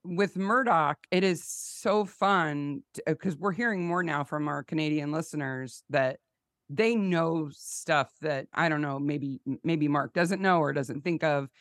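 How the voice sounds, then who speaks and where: A woman's voice: low-pitched, a little slow, no room sound, clean studio sound. A woman guest on a podcast, chatting casually and with enthusiasm about a TV show. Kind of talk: casual chat.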